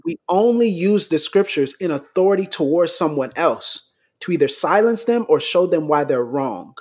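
A middle-aged American man, a pastor, telling stories in a relaxed podcast conversation, laughing between points. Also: fairly high pitch, moderate pace, slightly rough.

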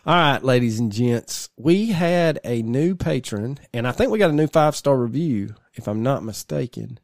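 A man's voice: medium pitch, animated, moderate pace, vocal fry, dry recording, clean studio sound. A man co-hosting a casual podcast, rambling through stories and laughing often. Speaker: podcast co-host.

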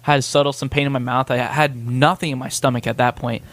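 A man chatting casually on a podcast, quick to chime in and agree. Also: medium pitch, fairly even intonation, fairly bright tone, dry recording. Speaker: podcast co-host. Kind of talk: casual chat.

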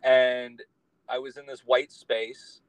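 A man's voice: medium pitch, little pitch movement, slow, dry recording, poor audio. A man, a guest on a podcast, talking in a casual conversation and telling his story in an earnest, meandering way.

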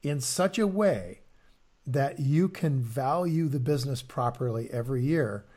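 A man's voice: mid-range voice, expressive, unhurried, darkish tone. A man co-hosting an investing podcast in casual chat, often repeating words and using fillers as he explains. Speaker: podcast co-host.

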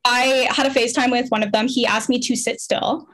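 A woman's voice: fairly high pitch, fairly even intonation, brisk, a bit bright. Chatty young woman, rambling and upbeat. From Canada. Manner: rambling, heavy 'like' fillers, playful swearing. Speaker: podcast guest. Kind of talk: casual chat.

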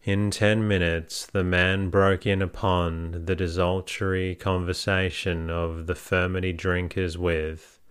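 A man calmly narrating a classic novel as a soothing bedtime sleep story. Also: low voice, slow, hardly any pauses, clear, resonant tone. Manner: calm, soothing.

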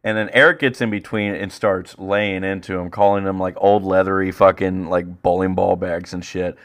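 Profane, animated male podcast storyteller. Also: moderate pace. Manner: profane, animated storyteller doing high impressions. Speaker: podcast co-host. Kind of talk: casual podcast chat.

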